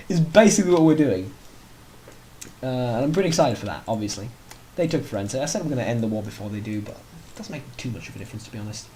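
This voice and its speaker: A man's voice: mid-range voice, lively intonation, fast talker, mellow, a little hiss or hum. Rambling man narrating his strategy game. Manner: rambling, chatty, self-correcting. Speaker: let's play host. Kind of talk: casual strategy game commentary.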